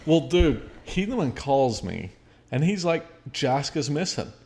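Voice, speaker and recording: A man's voice: fairly high pitch, very animated, unhurried, a little mellow. A young man hosting a podcast, talking in a blunt, emphatic way with plenty of swearing. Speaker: podcast host. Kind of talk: casual conversation.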